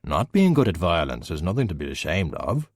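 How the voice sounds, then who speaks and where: A dry, sardonic skeleton detective speaks low and unbothered, as a male audiobook narrator plays him. His deadpan delivery stays calm and wry. The sound is close and dry. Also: brisk, dry recording.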